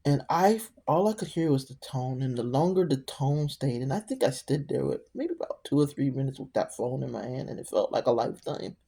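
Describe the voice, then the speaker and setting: A middle-aged woman tells a personal story to her viewers. Her voice is mellow and warm, and she rambles conversationally, often breaking off to speak directly to the listener. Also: rumbling low, animated, a little fast, gravelly, hardly any pauses, slightly rough. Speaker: storyteller vlogger.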